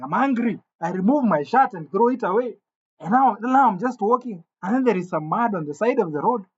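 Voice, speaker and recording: Brief: animated male storyteller, husky, muffled lo-fi sound. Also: high voice, brisk. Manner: animated, indignant, stumbling restarts. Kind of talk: comic storytelling. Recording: dull lo-fi recording.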